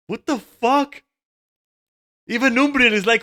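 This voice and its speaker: A man's voice: on the high side, expressive, takes it slowly, long pauses, pushed and bright. A man giving live gameplay commentary, swearing often, laughing and exclaiming in dismay. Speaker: gamer streaming a raid.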